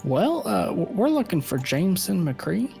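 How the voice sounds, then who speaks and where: Gravelly man, joking player. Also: high voice, big pitch swings, unhurried, warm tone, soft background music. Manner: joking, casual. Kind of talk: playing a tabletop game.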